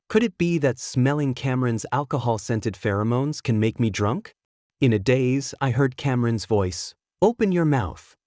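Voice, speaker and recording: A man reads a first-person romance story aloud in a steady, scripted narration. His voice sits in an ordinary middle register. The recording is dry and close, with no room sound. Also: medium pitch, no room sound.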